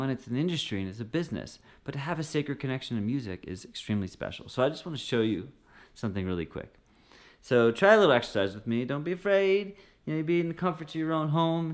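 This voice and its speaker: A man at a middle pitch gives a casual singing lesson straight to camera. He talks in an easy, encouraging way and slips short sung phrases in among his explanations. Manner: encouraging, conversational, often sings short phrases. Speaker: music teacher.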